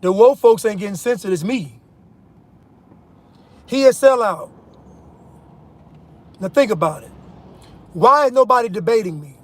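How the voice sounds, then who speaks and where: Driving and filming himself, an American vlogger delivers an opinion monologue in a high-pitched, animated voice at a measured pace with long pauses. He hammers home his points emphatically, repeating them and addressing viewers as "y'all."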